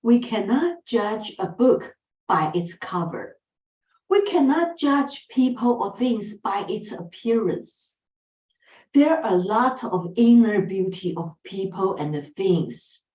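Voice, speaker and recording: Woman from Taiwan; slow, lively storyteller, lifted voice, heard far off and muffled in a roomy space. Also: mid-range voice. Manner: animated, acts out dialogue. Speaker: club speaker. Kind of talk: prepared storytelling speech.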